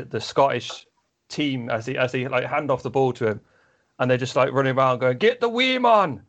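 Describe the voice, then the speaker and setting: A man in relaxed conversation, spinning stories with plenty of restarts and asides. He sits at a middle pitch. The recording sounds a little dull and lo-fi. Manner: chatty storyteller, many restarts. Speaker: podcast guest or co-host, flag football player. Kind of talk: casual chat, anecdotes.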